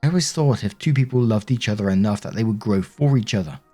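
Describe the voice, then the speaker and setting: A man's voice: on the low side, quick pace, warm tone, soft background music, close to an everyday voice. A man reading the lines of a wounded, accusing wife in his own voice while narrating a Reddit story. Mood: hurt. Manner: bitter, reproachful, pleading.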